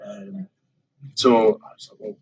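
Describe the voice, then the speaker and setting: A man's voice: mid-range voice, sing-song, measured pace, vocal fry, darkish tone, rough recording. A man, a podcast guest and open water swimmer, casually telling a story with many fillers and quoted thoughts.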